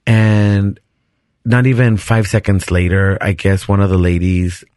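A man hosting a podcast, telling a personal story in an animated, chatty way with frequent restarts. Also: lowish voice, measured pace, no room sound, studio quality. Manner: animated, chatty, restarts sentences and laughs often. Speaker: podcast host. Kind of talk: casual storytelling.

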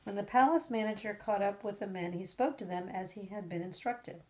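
A woman's voice: medium pitch, fairly quick. A woman leading a short prayer and reading scripture aloud steadily, correcting herself now and then. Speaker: scripture reader. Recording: dull lo-fi recording.

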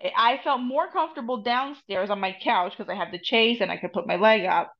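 A woman's voice: medium pitch, a little fast. A woman with a New Jersey accent telling a story in casual, profane chat as a podcast guest, dropping Spanish phrases. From United States. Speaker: podcast guest, Reiki master and tarot reader. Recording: dull lo-fi podcast audio.

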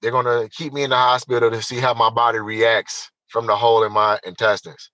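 A man telling a personal story as an interview guest, animated and emphatic, speaking straight to the listeners. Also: medium pitch, fairly quick, dry recording, poor audio.

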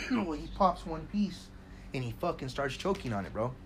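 A man's voice: on the high side, moderate pace. Profane storytelling man, says bro constantly. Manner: excited, loud storytelling. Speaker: podcast co-host. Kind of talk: casual storytelling chat. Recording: faint background noise.

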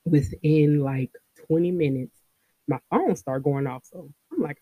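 Animated woman telling her story. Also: low voice, measured pace, no room sound, phone-quality sound. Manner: animated, talks straight to listeners, laughs often. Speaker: podcast host. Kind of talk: casual personal storytelling.

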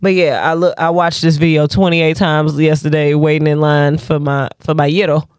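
A woman's voice: sits low, normal speed, clean tone, no room sound, studio quality. A woman co-hosting a podcast, chatting casually in a comic, profane way, often laughing and slipping into voices as she tells a story. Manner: animated, profane, laughs a lot, mimics voices. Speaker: podcast co-host. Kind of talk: casual comedic chat.

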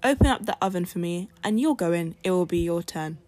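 A woman's voice: lowish voice, animated, a little fast, a little mellow, dry recording, close to an everyday voice. A woman voicing a sly, scheming male rabbit trickster in a spoken folk tale, with a coaxing, wheedling manner. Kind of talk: storybook reading.

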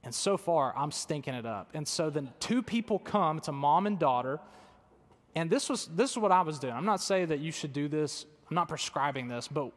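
A man's voice: fairly high pitch, lively intonation, moderate pace. A man, a pastor, telling a story in a sermon, conversational and self-deprecating, earnest in tone. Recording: long reverb of a large hall.

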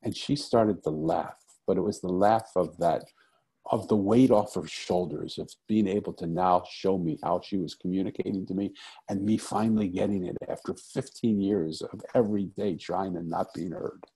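A man's voice: deep voice, normal speed, creaky, mellow, husky. A middle-aged man telling a personal story as an interview guest, earnest and reflective, repeating phrases for emphasis. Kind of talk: conversational storytelling.

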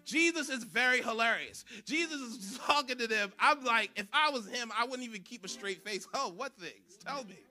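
A man preaching a sermon in church, animated and shouting for emphasis. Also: very high voice, normal speed, hardly any pauses, soft background music. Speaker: pastor.

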